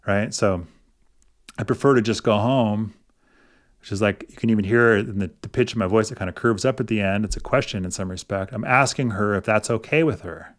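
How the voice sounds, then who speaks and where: Calm middle-aged man coaching on finances. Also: lowish voice, fast talker, few pauses. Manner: thoughtful, hesitant restarts, gentle coaching tone. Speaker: personal finance video host. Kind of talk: casual explanatory talk to camera.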